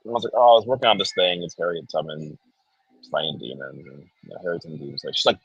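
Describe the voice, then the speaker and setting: This guest comic creator, a young man with a New Jersey accent, talks fast in a low, gravelly, slightly rough voice. Telling a story in casual chat, he animatedly acts out quoted people; the muffled recording has no room sound.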